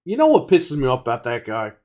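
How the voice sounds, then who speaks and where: A man's voice: medium pitch, wildly swooping pitch, fast talker, crowd noise. A man co-hosting a casual podcast, ranting with heavy swearing, his throat congested. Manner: ranting, profane. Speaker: podcast co-host.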